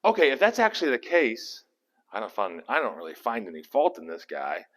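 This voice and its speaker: A man's voice: medium pitch, huge pitch swings, brisk, a bit bright. A man doing an incredulous weary governor. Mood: musing. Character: puzzled, weary male Roman governor.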